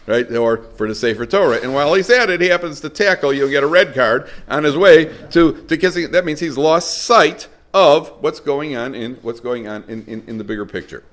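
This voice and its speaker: A middle-aged man, a rabbi lecturing a live audience, telling stories lively and acting out dialogue. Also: on the high side, fairly quick, few pauses.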